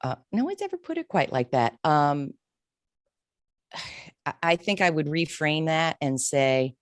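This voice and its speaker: A woman's voice: sing-song, measured pace, no room sound, studio quality. A woman in her fifties, a career coach telling her story candidly and emotionally in an interview. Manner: candid, emotional, wide swings in pitch.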